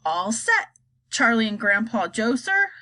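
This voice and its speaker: A woman reading aloud and voicing an eccentric, bossy grown man piloting a flying glass elevator, brisk and theatrical. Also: a little high, sing-song, pushed and bright, exaggerated voice.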